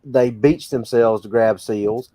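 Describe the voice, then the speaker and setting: Animated man arguing a point, dry sound. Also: medium pitch, takes it slowly, dry recording. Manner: animated, argumentative. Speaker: podcast co-host. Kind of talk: casual group chat.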